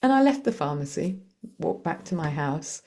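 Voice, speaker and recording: A woman, a podcast guest speaking in a lively, conversational way, in quick bursts while she tells a story. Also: low voice. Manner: animated, acts out quoted voices, quick bursts. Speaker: guest, author and executive coach.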